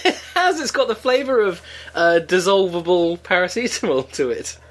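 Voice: medium pitch, expressive, normal speed, a bit bright. A podcast co-host, chatting casually and playfully with dry jokes and frequent laughs. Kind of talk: casual chat tasting beer.

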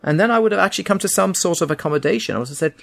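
Creaky-voiced opinionated man. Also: high-pitched, expressive, racing. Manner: opinionated, emphatic, with frequent restarts. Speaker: podcast co-host. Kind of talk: casual argumentative chat.

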